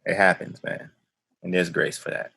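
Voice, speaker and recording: Gravelly laid-back podcast co-host, man. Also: low-pitched, little pitch movement, moderate pace, pushed and bright. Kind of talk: casual chat.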